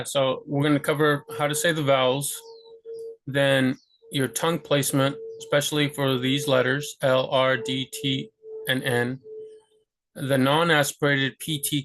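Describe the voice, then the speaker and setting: A young man records a laid-back lesson on how to pronounce sounds, speaking at a mid pitch. He wanders a little with fillers and restarts, then snaps out short, punchy sounds to show how they should be said. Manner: relaxed, rambling, demonstrates sounds with sharp bursts. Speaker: language teacher. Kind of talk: casual video lesson.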